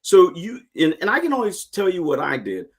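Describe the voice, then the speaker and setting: A middle-aged man, a retired Marine, talking in a casual interview with earnest, animated storytelling and frequent restarts. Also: high-pitched, fairly quick, slightly rough. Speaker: guest, retired Marine and podcast host.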